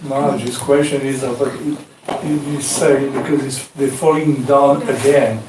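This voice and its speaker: A man, a class participant, clarifying a question in short, halting phrases. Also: medium pitch, flat delivery. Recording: echoey room, distant mic, clear noise.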